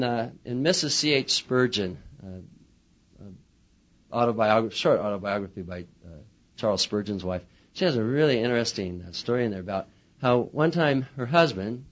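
A man teaching pastors in a humorous, chatty lecture, acting out little quotes as he talks. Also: medium pitch. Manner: chatty, animated, acts out quotes. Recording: muffled lo-fi recording.

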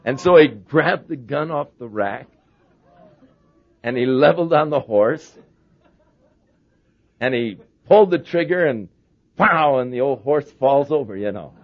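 A man's voice: mid-range voice, expressive, measured pace, long pauses. Storytelling male preacher, lo-fi. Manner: anecdotal, humorous storyteller. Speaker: pastor. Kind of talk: sermon. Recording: dull lo-fi sermon recording.

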